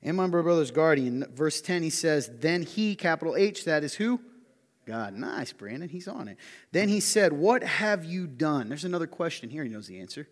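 A male pastor preaching a sermon in an animated way, often putting questions to his listeners. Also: a little high, normal speed, long reverb tail. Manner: animated, asks the audience questions.

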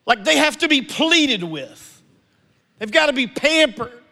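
A man preaching a sermon to his church, animated and acting out family scenes. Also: very high-pitched, unhurried, creaky, in a large hall. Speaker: pastor.

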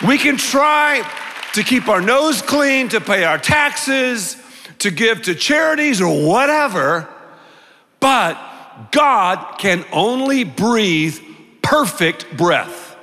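A male pastor delivering a sermon in a big church auditorium, his bright, high voice carrying a long reverb from the room. He tells stories animatedly and acts out his own inner thoughts. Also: sing-song, takes it slowly, soft background music, a faint crowd. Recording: long reverb of a large hall.

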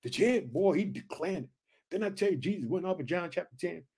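An excitable male preacher with a high-pitched voice, surging with energy as he reads scripture. He stumbles over repeated words and keeps calling his listeners family. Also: quick pace, husky. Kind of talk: energetic sermon.

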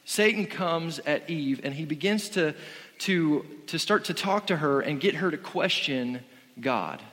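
A man's voice: a little high, a bit bright. Earnest preaching man in a reverberant hall. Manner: earnest, conversational preaching with frequent restarts. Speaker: pastor. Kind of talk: sermon.

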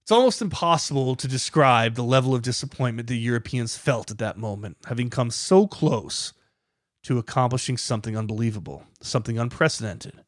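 A man's voice: mid-range voice, fairly quick, dry recording, clean studio sound. A man hosting a podcast, reading scripted documentary narration with a dramatic, building emphasis. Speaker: podcast host.

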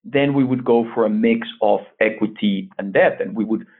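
A man's voice: fairly low pitch, normal speed, breathy edge. A man, an investment bank CEO, giving earnest advice in an interview, often restarting his sentences. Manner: earnest, advisory, frequent restarts. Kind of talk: conversational interview answers. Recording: tinny phone-like line.

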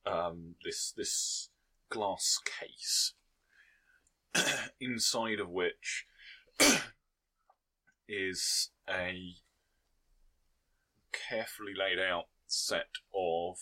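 A man running a tabletop game as game master, describing scenes slowly with many ums and restarts. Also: low voice, sharp tone. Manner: hesitant, full of ums and restarts.

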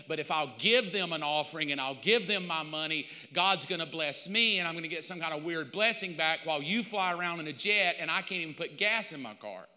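Animated male pastor preaching in a hall. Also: a little high. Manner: animated storytelling with mock quotes. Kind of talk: sermon.

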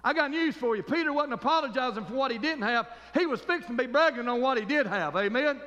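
High-voiced fervent preacher, echoing hall. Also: male voice, animated, fast, pushed and bright. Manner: fervent preaching with call-and-response amens. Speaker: pastor. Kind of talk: sermon.

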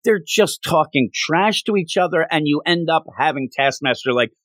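A man co-hosting a casual comic book chat, ranting in an animated, exasperated way. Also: a little high, normal speed, dry recording. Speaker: podcast co-host.

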